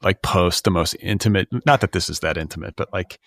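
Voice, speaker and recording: Casting note: middle-aged male podcast host, low voice, dry close recording, rambling and exasperated. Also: steady tone, a little fast, gravelly, a bit bright, no room sound. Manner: rambling, filler-heavy, exasperated. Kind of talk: casual comedic chat. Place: Los Angeles.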